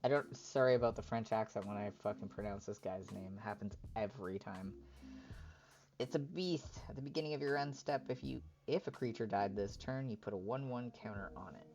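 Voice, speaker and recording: Guy streaming pack openings, raspy gravelly voice, laid-back chatter, reads each card out loud. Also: fairly low pitch, a little fast, soft background music. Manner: reads card text aloud in a relaxed running commentary. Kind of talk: casual live-stream chat.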